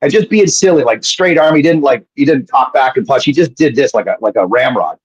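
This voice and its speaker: A husky-voiced man talks as a guest on a live show. He tells rambling, profane anecdotes and keeps restarting his sentences. The sound is dry and muffled, like a lo-fi feed. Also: mid-range voice, animated, fairly quick, no echo. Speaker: guest, former pro wrestler. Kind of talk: casual storytelling on a live show. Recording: dull lo-fi sound.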